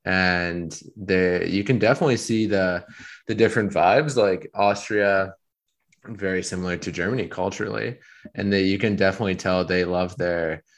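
Low-voiced male podcast co-host, deadpan rambler. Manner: rambling, deadpan storytelling with many fillers. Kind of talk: casual chat.

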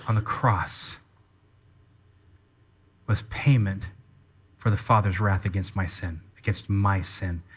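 A man preaching a sermon as pastor, teaching in an animated way and calling people up to act out an example. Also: on the low side, slightly rough. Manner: animated teaching with live demonstration.

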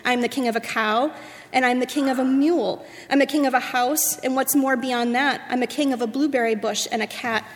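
A woman's voice: sits high, fairly even intonation, brisk, long reverb tail, lightly acted. A woman voicing a boastful, bossy male turtle king who bellows his orders. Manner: pompous, bellowing.

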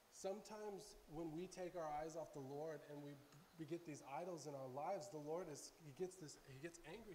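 A man's voice: a little high, darkish tone. A man preaching a sermon in an earnest way, often restarting and repeating his words. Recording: faint hum in a long-reverb hall.

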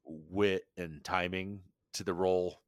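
Man, very low voice, relaxed podcast co-host, dry sound. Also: slow pace, no room sound. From United States. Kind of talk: casual chat.

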